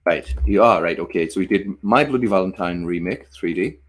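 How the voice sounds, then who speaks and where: A man's voice: sits low, fairly quick. A man co-hosting a livestream in casual chat, laughing often and swearing freely as he banters. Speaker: livestream co-host.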